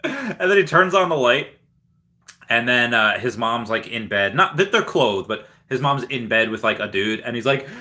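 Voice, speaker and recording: A man's voice: mid-range voice, lively intonation, moderate pace, sharp tone. A young man hosting a casual livestream, rambling as he reads viewer comments aloud and mimics people he quotes. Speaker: livestream host.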